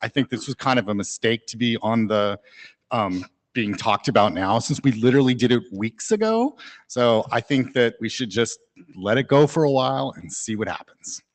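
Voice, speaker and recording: A man's voice: medium pitch, animated, moderate pace. A man speaking in a wry, conversational way at an open microphone during a meeting. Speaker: meeting participant. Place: large meeting hall. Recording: long hall reverb.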